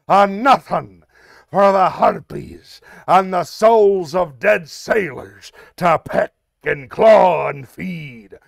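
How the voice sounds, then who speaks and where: A man performing a raging old sea captain who bellows curses in a booming, theatrical pirate brogue. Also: gravelly, no echo, clean studio sound, exaggerated voice. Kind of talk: dramatic monologue performance.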